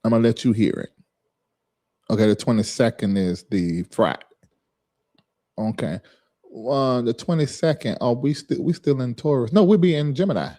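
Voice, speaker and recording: A man's voice: medium pitch, normal speed, long pauses, dark tone. Chatty man hosting a live stream. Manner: chatty, repeats and drills a word's pronunciation; talks to chat viewers by name. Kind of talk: casual live-stream talk to viewers.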